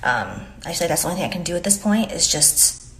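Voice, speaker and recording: A woman who founded a beauty brand records an emotional, earnest apology video for social media with her phone held to her face. Her lowish, fairly bright voice swings widely in pitch as she talks fast, rambling with lots of "like" and close to tears, in a reverberant space.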